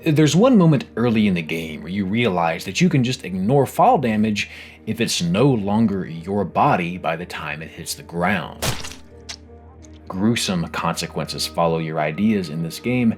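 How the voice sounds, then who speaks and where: A man narrating a scripted game review video, animated, wry and self-mocking. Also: sits low.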